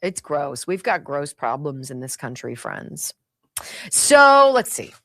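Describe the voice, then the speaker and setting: Animated, sarcastic woman talk-radio host. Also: slow, no echo, clean studio sound. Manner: animated, sarcastic, laughs often, swings from high bursts to low asides. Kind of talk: opinionated talk radio monologue and host-read ad.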